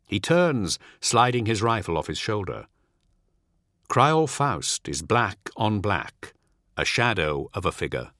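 A man giving a measured, dramatic audiobook narration. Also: fairly low pitch, big pitch swings, bright, forceful tone, dry recording, studio quality.

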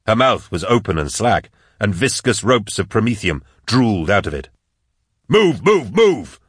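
A man reading an action audiobook in a steady, dramatic scripted narration. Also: on the low side, normal speed, slightly rough, no echo, studio quality.

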